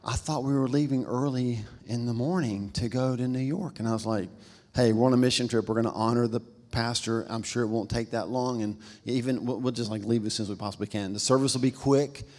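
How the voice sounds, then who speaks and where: A man's voice: medium pitch, steady tone, brisk, a little mellow. A man, a pastor preaching a sermon, telling a story and acting out the voices of the people in it. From American South. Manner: storytelling, acts out quoted voices, says "y'all". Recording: reverberant church hall.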